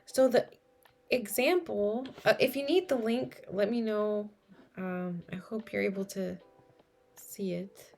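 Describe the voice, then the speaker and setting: A woman's voice: medium pitch, slow, vocal fry, darkish tone, faint music behind. A young woman streaming live while she codes, thinking aloud, chatting with viewers and correcting herself mid-sentence. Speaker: streamer teaching coding.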